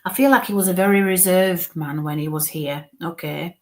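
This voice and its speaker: This woman, a medium doing a live reading, speaks haltingly and drops into murmured, coaxing asides under her breath. Her pitch is fairly low, and she's recorded on a live stream mic.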